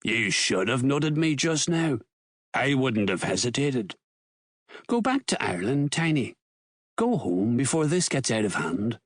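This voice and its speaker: A man's voice: mid-range voice, big pitch swings, unhurried, no room sound, studio quality. A man voicing a cocky middle-aged thief who teases and mocks in a mock-posh manner. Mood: cool.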